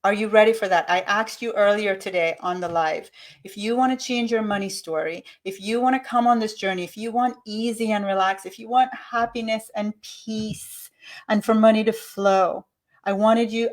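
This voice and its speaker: A woman's voice: mid-range voice, normal speed. A woman hosting a live money-mindset coaching session, talking straight to her viewers in an enthusiastic, motivational way.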